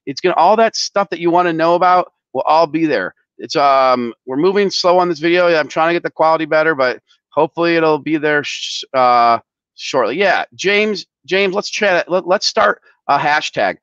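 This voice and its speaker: A man's voice: fairly high pitch, moderate pace, fairly bright tone, dry recording, dull audio. A man co-hosting a casual live stream, worked up and ranting, swearing, with many restarts and repeated words. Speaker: show co-host, company head.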